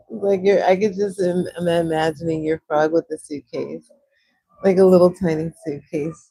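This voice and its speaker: A young woman chats on a livestream as she swatches watercolors, reading out and answering viewers' comments. Her voice is husky and mellow and sits a little low. Now and then it leaps up high with excitement. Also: fairly quick, poor audio. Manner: chatty, reads out and answers chat comments; animated, jumps into high squeals of excitement. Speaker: livestream host. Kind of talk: casual chat while swatching watercolors.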